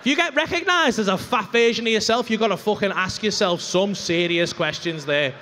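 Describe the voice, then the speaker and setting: Brief: sweary stand-up, high voice, club reverb. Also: male voice, a little fast, slight background noise. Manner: profane, animated storytelling. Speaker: stand-up comedian. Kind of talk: stand-up routine. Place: comedy club stage. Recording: long reverb of a comedy club.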